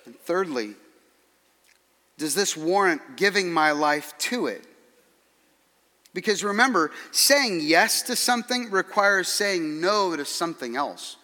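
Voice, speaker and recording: A man preaching a sermon as pastor, earnest and measured, with dry humorous asides. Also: high voice, animated, pushed and bright, long reverb tail.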